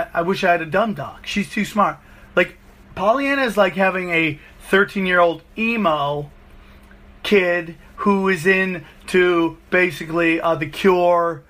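A man in his forties hosting a podcast, telling a profane, animated comic story on his own. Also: high-pitched. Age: 40s. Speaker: comedian podcast host. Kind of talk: solo comedic rant.

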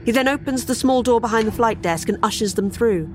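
A woman's voice: a little high, a little fast, noisy background. A woman narrating a first-person horror story in a wry, sardonic way.

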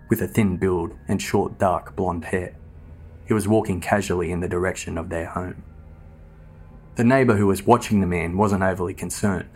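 Deep-voiced man narrating true crime. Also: husky. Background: faint background music.

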